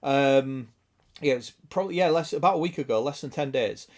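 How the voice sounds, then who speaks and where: A man's voice: medium pitch, a little fast, a little mellow. A man with a British accent chatting casually on a gaming stream, sweary and chuckling as he talks to his viewers.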